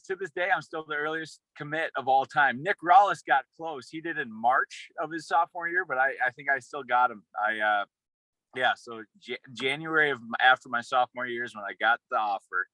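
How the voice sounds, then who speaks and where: Bright-voiced young man telling a story. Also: fairly high pitch, fairly quick, no room sound, poor audio. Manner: rambling, excited, with many restarts and fillers. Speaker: former college football player, radio personality. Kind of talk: casual storytelling interview.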